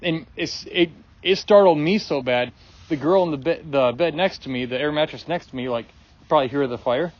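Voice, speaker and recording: A man's voice: on the high side, brisk. A man telling a personal story in casual talk, loose and rambling, with many fillers and restarts and plenty of swearing. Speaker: guest sharing a personal story. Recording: dull lo-fi recording.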